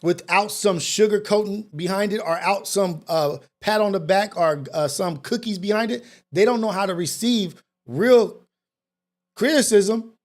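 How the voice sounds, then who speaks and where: A man's voice: high voice, measured pace. A man hosting a talk show, delivering a preachy monologue with street slang and repeated rhetorical questions. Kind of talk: impassioned monologue.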